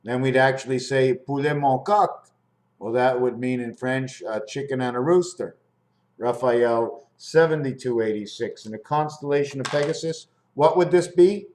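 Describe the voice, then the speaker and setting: In a mid-range, slightly mellow voice at normal speed, a man thinks out loud at home beside his fridge, explaining his designs in a meandering, free-associating way while asking viewers questions.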